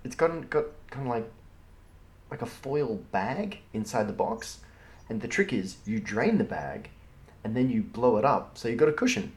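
A man, the game master, narrating a tabletop game in a relaxed, rambling way with lots of fillers. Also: medium pitch, moderate pace.

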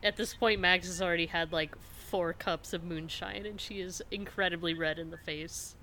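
A woman with a bright, forceful voice trades teasing jabs at a tabletop gaming session, with a faint hum of ambience behind her. It's casual play talk. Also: lowish voice, steady tone, moderate pace. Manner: laughing, teasing. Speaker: player.

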